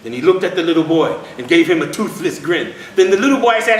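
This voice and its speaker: A man's voice: a little high, lively intonation, quick pace, hardly any pauses. A man telling history and a folk tale live to an audience, folksy and calling the crowd y'all, heard from far off in an echoey room. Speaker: storyteller. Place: historic site event.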